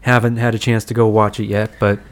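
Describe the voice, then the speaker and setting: A man's voice: lowish voice, level tone, a little fast. A young man co-hosting a casual movie podcast, easygoing, often stumbling and restarting his sentences. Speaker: podcast co-host, works at a movie theater. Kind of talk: casual movie review chat.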